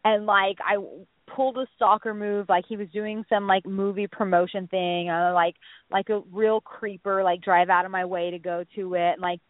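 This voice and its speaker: A woman in her thirties, a dating coach, telling a story in casual radio chat, animated and full of "like". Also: mid-range voice, moderate pace, no room sound. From Texas. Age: 30s. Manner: animated, acts out quotes, lots of "like". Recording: tinny phone-line sound, dry.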